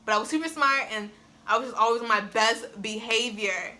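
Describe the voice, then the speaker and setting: This young woman vlogger speaks briskly in a slightly high voice that's bright and forceful, telling a personal story casually. Chatty and laughing a lot, she says "like" often, and a tripod-mounted phone camera records her.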